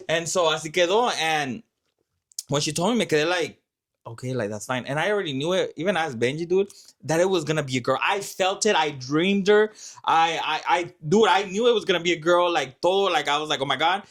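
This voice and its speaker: A man's voice: a little high, a little fast. A young man hosting a vlog, telling stories in a loose casual chat full of fillers and swearing. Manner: animated storytelling, lots of fillers and swearing. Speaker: vlog host.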